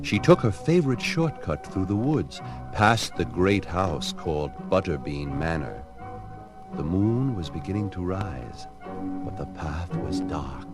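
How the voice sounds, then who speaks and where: A man narrating a children's storybook record in an expressive, theatrical way. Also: sits low, unhurried, over music.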